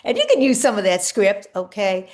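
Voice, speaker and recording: A woman spiritual coach talking casually to camera in an earnest, reflective way, sometimes slipping into soft spoken affirmations. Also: mid-range voice, big pitch swings, moderate pace.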